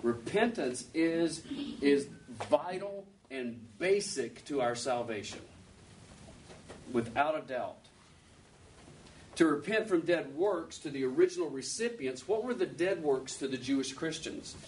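A man's voice: a little high, expressive, unhurried, a little mellow. Male preacher, chatty sermon, rhetorical questions, faint noise behind him. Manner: conversational, asks rhetorical questions. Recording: distant mic with faint background noise.

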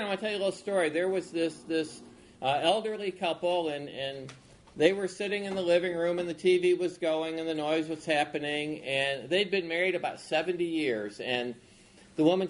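A man's voice: a little high, low-quality recording. A man leading a marriage workshop for a class that is also streamed online, talking casually and telling folksy stories with frequent restarts. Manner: folksy storyteller, many restarts. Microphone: class also streamed on video call.

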